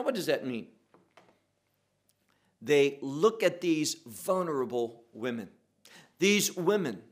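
A man preaching a sermon on a Bible passage, slow and emphatic, repeating words for weight. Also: fairly high pitch.

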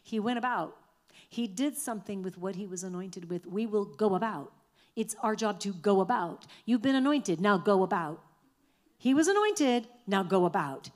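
A woman's voice: medium pitch, expressive, normal speed, a little mellow. A woman preaching a fervent sermon in a church, repeating lines for the congregation to say back.

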